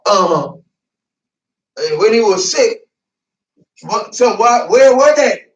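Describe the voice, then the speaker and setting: A man preaching a sermon in a church, lively and colloquial, laughing and breaking into asides. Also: sits high, slow, dull audio. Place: church sanctuary. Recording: echoey church, mic at a distance.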